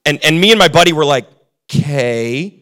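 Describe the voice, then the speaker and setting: A young adult man preaching a sermon as pastor, casual and joking, acting out quick quotes. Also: a little high, sharp tone.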